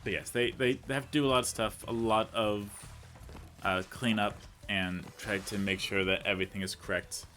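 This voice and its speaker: With faint music underneath, a let's-play commentator with a lowish, sharp voice talks through a game at a moderate pace and fairly even intonation. His casual commentary is rambling and chatty, full of tangents and jokes at his own expense.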